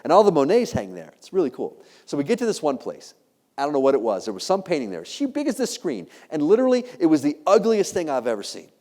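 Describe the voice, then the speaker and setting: A middle-aged man delivers a keynote with a fairly high, very lively voice that swoops up and down as he jokes. He tells stories to a live audience and acts out the voices of the people in them. His voice rings with the long reverb of a large hall. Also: fast talker. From United States. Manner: animated, jokey, acts out quoted voices. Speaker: keynote speaker. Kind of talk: motivational keynote storytelling.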